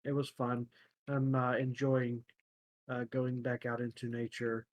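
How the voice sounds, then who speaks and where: A young man chatting casually on a podcast, with a mid-pitched voice. He tells everyday stories haltingly, stopping for fillers and hunting for the right word. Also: flat delivery. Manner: halting, searching for words with many fillers. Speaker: podcast host. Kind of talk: casual chat.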